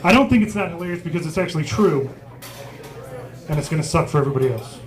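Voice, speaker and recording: Brash, high-voiced stand-up comedian man. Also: lively intonation, fast. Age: 40s. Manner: brash, profane, self-mocking storytelling. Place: small pub comedy stage. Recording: live pub crowd noise. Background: crowd laughing.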